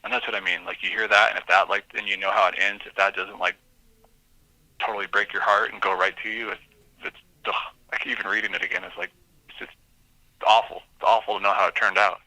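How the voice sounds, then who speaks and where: A man's voice: low-pitched, little pitch movement, fast talker, pushed and bright, low-quality recording. A man, a police lieutenant, being interviewed and reading messages aloud, emotional and hesitant.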